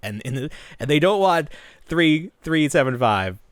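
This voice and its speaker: Brief: male podcast co-host, lively swooping delivery, joking, dry close mic. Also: on the high side, measured pace, no room sound. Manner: animated, joking, swears casually. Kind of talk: casual chat.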